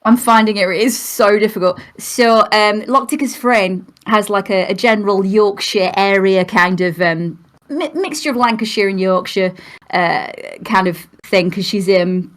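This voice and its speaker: A woman from Kent hosting a casual podcast chat, chatty and quick to laugh. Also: medium pitch. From Kent, England. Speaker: host.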